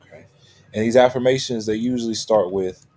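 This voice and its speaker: A man's voice: medium pitch, a little fast, mellow. A man giving a motivational talk as a coach. He stresses his key phrases and keeps checking in with "right?" and "okay?". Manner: emphatic, repeats key phrases.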